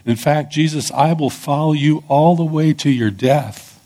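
A man voicing an earnest male disciple who pleads and insists that he will stay loyal, with a husky voice, within a sermon. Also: on the high side, a little slow, dark tone, pitched above the performer's own voice, natural voice. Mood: fervent pleading. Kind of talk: acted-out scripture in a sermon.

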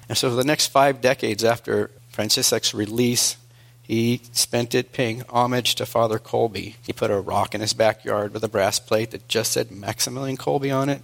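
A male preacher delivering a sermon in an earnest storytelling manner, moving between hushed and emphatic. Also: fairly low pitch, fairly even intonation, normal speed, gravelly.

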